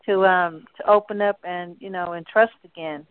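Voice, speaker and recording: A woman's voice: lowish voice, fairly even intonation, normal speed, clean tone, dry recording. Earnest woman on a tinny phone line. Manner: earnest, giving advice, rambling with fillers. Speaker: chat line caller. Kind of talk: casual phone chat.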